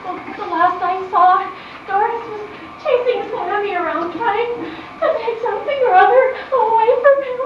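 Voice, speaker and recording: A woman plays a flustered, emotional mother in a very high voice. The sound is far off, echoey and muffled, with steady hiss. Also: a little slow. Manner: fluttery and tearful. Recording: distant, echoey, muffled stage recording with hiss.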